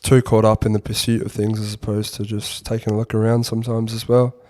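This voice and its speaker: A man's voice: fairly low pitch, fast talker. Young man, Australian accent, casual chat, easygoing, storytelling. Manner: relaxed, easygoing, tells stories. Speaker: podcast co-host.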